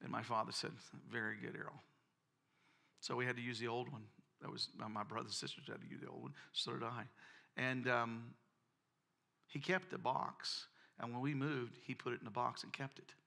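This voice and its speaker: A man's voice: medium pitch, fairly even intonation, fairly quick, creaky, bright, forceful tone. A man preaching a sermon, telling folksy personal stories and often repeating words. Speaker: pastor.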